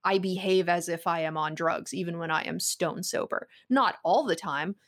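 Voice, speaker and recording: A woman's voice: on the low side, moderate pace, a bit bright. A woman co-hosting a podcast, talking at length in casual chat and laughing easily.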